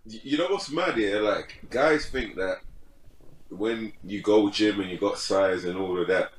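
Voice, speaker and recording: A fitness content creator, young and male, joins a podcast as a guest for a casual chat, speaking a little slowly in a fairly low pitch. The recording is rough and reverberant, and he's laid-back, laughing a lot and often saying "bro."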